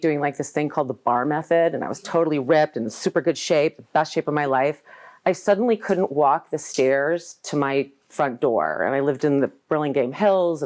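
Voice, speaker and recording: A woman in her forties shares her personal story at a live event, candid and wry. Her voice sits low and full. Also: darkish tone. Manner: candid, humorous, acts out quoted voices. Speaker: guest speaker.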